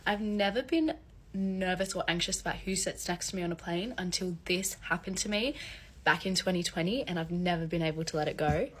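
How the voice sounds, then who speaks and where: A woman, from Australia, telling a personal story in a casual storytime vlog in an animated, chatty way. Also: fairly low pitch, brisk.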